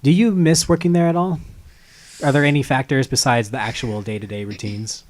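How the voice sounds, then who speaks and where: A man hosting a casual talk show, rambling a little and trailing off softly at the ends of his sentences. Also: medium pitch, steady tone, fairly quick. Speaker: host. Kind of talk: casual chat.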